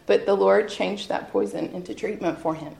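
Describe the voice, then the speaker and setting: A woman's voice: medium pitch, steady tone, moderate pace, vocal fry, a little mellow. Earnest woman giving church testimony. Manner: earnest, heartfelt, laughs at herself. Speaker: guest speaker sharing testimony. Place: church hall with an audience. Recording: roomy hall echo.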